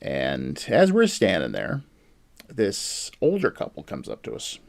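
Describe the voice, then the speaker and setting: A man's voice: low-pitched, wildly swooping pitch, a little slow, creaky. A man hosting a podcast, telling casual anecdotes and acting out the voices of people in them. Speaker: podcast host. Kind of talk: casual storytelling chat.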